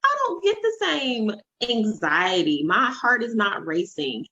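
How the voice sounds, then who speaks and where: A husky-voiced woman in her thirties, a life coach, chats on a casual podcast, telling stories effusively and packing in fillers. Her mid-range voice is very animated and sharp in tone, yet her pace stays measured. The remote recording sounds dull and lo-fi.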